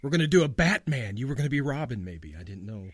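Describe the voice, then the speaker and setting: A man's voice: medium pitch, very animated, quick pace. A man co-hosting a radio show, chatting casually and enthusiastically with a guest. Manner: enthusiastic, laughing often.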